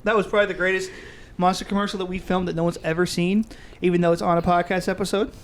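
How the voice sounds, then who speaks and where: High-voiced man chatting on a podcast. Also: little pitch movement, fast, slight background noise. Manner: laughs often, rambling storyteller. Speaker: podcast co-host. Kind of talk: casual chat. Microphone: studio mic under bright lights.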